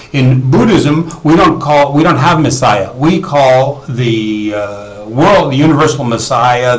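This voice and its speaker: A man's voice: fairly high pitch, rough recording. A man talking in a rambling video monologue, with many restarts and repetitions. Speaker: video blogger. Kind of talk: unscripted monologue to camera.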